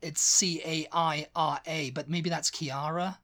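Chatty woman, slightly low voice. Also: steady tone, unhurried, fairly bright tone. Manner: chatty, spells words out, mimics voices. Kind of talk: casual chat.

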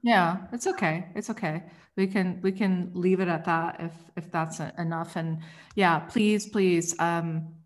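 A woman's voice: on the low side, fairly even intonation, a little slow. A woman journalist hosting a podcast, friendly and conversational as she interviews a guest. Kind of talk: casual interview chat.

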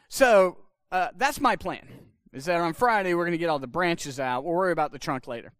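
A man's voice: high-pitched, brisk, a bit bright, clean tone, no echo, clean studio sound. A man, preaching a sermon in a conversational storytelling way, acting out the dialogue he quotes. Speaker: pastor.

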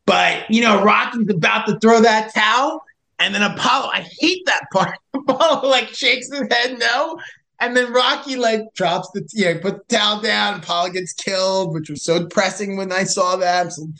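Young male podcast guest, animated storyteller, roomy echo. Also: high-pitched. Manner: animated, acts out both sides of dialogue. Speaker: podcast guest, search and rescue hiker. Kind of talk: casual storytelling.

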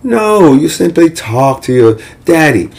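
A man's voice: a little high, big pitch swings, unhurried, creaky, a little mellow. A male pastor preaching a conversational sermon, repeating key phrases and checking in with listeners with "right?" and "okay?". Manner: conversational preaching with emphatic repetition.

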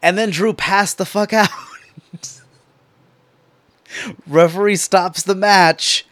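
Excitable, profane man recapping wrestling. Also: high-pitched, takes it slowly, pauses often, no echo. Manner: excitable, profane, animated storytelling. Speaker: wrestling commentator reviewing a show.

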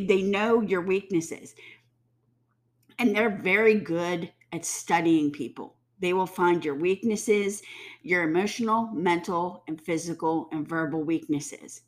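A woman giving heated, blunt commentary, swearing freely and mimicking people mockingly. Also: fairly low pitch. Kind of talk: ranting commentary.

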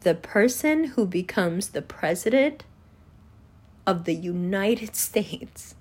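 A woman delivering an angry, profane political rant, scornfully lecturing the viewer directly. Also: mid-range voice. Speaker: political commentator.

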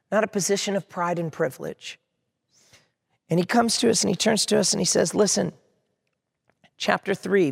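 A man's voice: high voice, creaky. A man preaching as a pastor, earnestly voicing the prayers and objections of his listeners as he goes. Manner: earnest preaching, quotes prayers and hecklers aloud. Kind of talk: sermon. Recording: long hall reverb.

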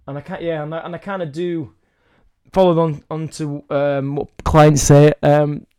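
A man's voice: a little high, little pitch movement, normal speed, mellow, clear, resonant tone, no room sound, studio quality. Man with a cold rambling on his podcast. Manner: rambling, self-deprecating, playful. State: has a cold, under the weather. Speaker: podcast host, fitness coach. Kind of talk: casual solo podcast chat.

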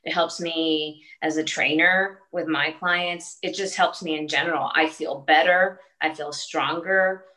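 Bright-voiced woman in her forties, chatty. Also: low-pitched, steady tone, measured pace, hardly any pauses, rough recording. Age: 40s. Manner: earnest, talks in short restarting phrases with fillers. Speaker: fitness trainer and competitor. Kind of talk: casual podcast interview.

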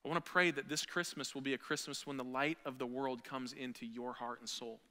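Earnest pastor preaching in a reverberant church. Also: male voice, mid-range voice, steady tone, fairly quick. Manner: earnest, building to loud emphatic peaks. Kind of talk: sermon. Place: church sanctuary. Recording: long hall reverb.

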